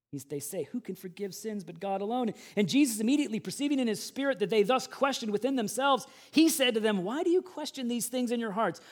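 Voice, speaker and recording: A man preaching a sermon as pastor, earnest and conversational, swinging between soft and loud. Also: high-pitched.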